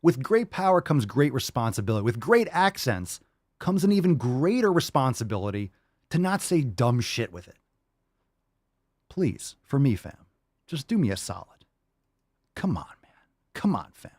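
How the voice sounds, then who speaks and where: A man's voice: mid-range voice, big pitch swings, normal speed, pauses often, a little mellow, no room sound, studio quality. A man hosting a livestream podcast, ranting casually in a profane, emphatic and repetitive way. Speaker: podcast host.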